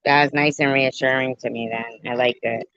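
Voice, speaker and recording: A woman livestreamer telling a story and joking with her viewers in an animated, playful way, on a dull, dry lo-fi recording. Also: rumbling low, dry recording. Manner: animated, jokey, slow and drawn out. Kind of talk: casual storytelling and chat.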